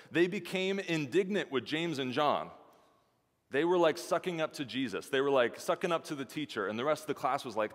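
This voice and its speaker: A man preaching a sermon as pastor, lively, acting out the voices of the people in his story. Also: mid-range voice. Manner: animated, acts out voices of the disciples and Jesus. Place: church sanctuary. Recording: church hall reverb.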